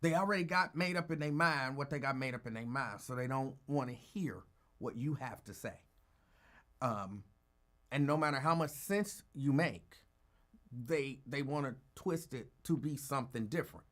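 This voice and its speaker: A man's voice: medium pitch, moderate pace. Tired, easygoing man hosting a live chat. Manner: easygoing, greets listeners by name, rambling; calm, holding back from yelling. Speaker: talk show host. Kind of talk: casual live-stream chat.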